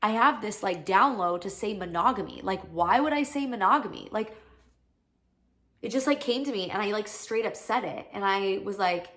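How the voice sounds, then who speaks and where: A woman in her thirties hosts her own podcast and tells a personal story in a loose, conversational monologue. She speaks in a middle pitch, strings her thoughts together with frequent "like" fillers, and slips into quoted lines as she goes. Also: expressive, moderate pace, a bit bright. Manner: chatty, peppered with "like", acts out quoted lines. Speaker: podcast host.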